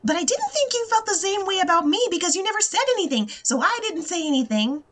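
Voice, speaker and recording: Woman voicing a shy young woman in love, very high voice, lively swoops, excitable. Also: normal speed, heavily acted. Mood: excited. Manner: high, excited, breaking into laughter.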